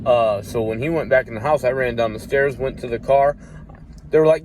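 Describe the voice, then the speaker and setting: A man tells a personal story in an easygoing, unpolished way. He swears freely and circles back on himself, and his mid-range voice jumps up loudly whenever he acts out what someone said. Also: medium pitch, brisk, slight background noise. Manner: profane, rambling, acts out quoted voices loudly. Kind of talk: casual storytelling.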